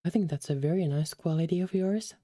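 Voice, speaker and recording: Woman game streamer, casual and affectionate, keeps calling viewers darlings. Low, dark tone. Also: brisk, no room sound, studio quality. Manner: chatty and affectionate, calls the chat darlings. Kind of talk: casual livestream chat while reading a game.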